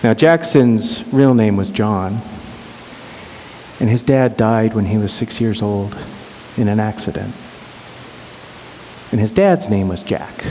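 A middle-aged man telling an emotional personal story earnestly, often halting and repeating words. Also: fairly low pitch, warm tone. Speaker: speaker sharing a personal story. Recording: reverberant hall with faint hiss.

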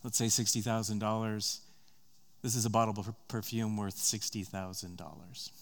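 A man preaching a sermon, retelling a story with conversational asides, rising louder and higher at tense moments and dropping soft and slow. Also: fairly even intonation.

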